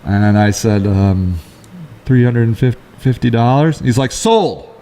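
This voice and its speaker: Rambling, excitable male show host. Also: mid-range voice, a little hiss or hum. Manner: rambling storyteller, quick bursts, lively. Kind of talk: casual chat.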